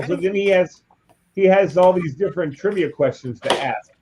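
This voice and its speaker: Blunt animated man on lo-fi audio. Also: sits high, fairly quick. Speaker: show co-host. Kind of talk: casual group chat. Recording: dull lo-fi audio with faint noise.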